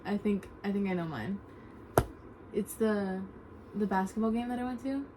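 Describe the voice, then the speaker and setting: A chatty teenage girl answering questions with her best friend in a relaxed, rambling way. Her mid-pitched voice sits over a clear layer of background noise. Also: moderate pace. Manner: chatty, giggly, rambling with many "like"s. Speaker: video host. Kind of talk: casual Q&A chat with a friend. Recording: noisy home recording.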